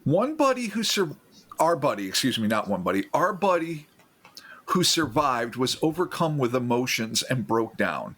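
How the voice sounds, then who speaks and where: A man hosting a casual podcast, reading listener stories aloud with animated, joking outbursts. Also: moderate pace, breathy edge. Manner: animated, swearing, laughs and jumps into loud high outbursts.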